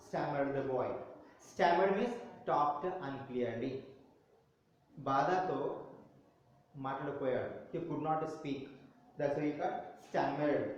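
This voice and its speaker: A fairly high-voiced man with an Indian accent reads a story to his class and explains it word by word. The sound is very echoey, as if taken from across a room, with a dull, muffled tone. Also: expressive, normal speed, darkish tone, far from the mic, a little hiss or hum. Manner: reads a story aloud, then glosses words and mixes in Telugu. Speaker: English teacher. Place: school classroom.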